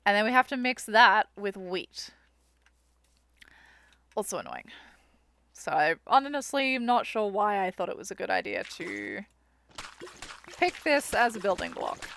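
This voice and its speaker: A woman's voice: medium pitch, sing-song, measured pace, creaky, pauses often, fairly bright tone. A woman streaming a game and chatting casually with her viewers, sometimes cooing in baby talk at her cat. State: worn out. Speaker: live streamer. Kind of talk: casual live-stream chat while gaming.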